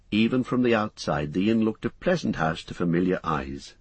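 A man narrating a book aloud, in a husky voice with measured, descriptive storytelling. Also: low-pitched, animated, no room sound. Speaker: audiobook narrator. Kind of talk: scripted narration.

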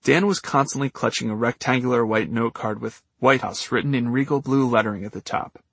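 Husky guy narrating his memoir audiobook, wry and deadpan, super dry booth sound. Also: medium pitch, fairly quick, dry recording.

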